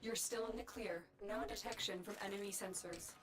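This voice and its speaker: An actress plays a female mission handler in a sci-fi game, calm and businesslike. She speaks quickly, giving steady orders over comms. Her voice sits at an ordinary pitch. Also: natural voice. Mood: calm directing.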